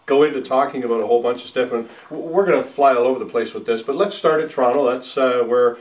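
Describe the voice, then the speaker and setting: A man in the host's chair talks fast, moving the conversation from one topic to the next. His voice echoes around a roomy space, and he sits away from the microphone. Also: mid-range voice. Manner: quick, conversational, steers the topics. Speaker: podcast host. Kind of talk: casual sports chat. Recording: roomy, distant mic.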